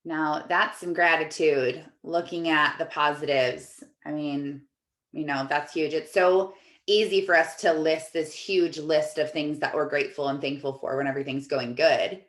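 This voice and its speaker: Woman, low voice, life coach, upbeat and chatty, echoey room, video call. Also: steady tone, moderate pace, a bit bright. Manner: chatty, upbeat, reads comments aloud. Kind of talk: casual encouraging talk to a live chat.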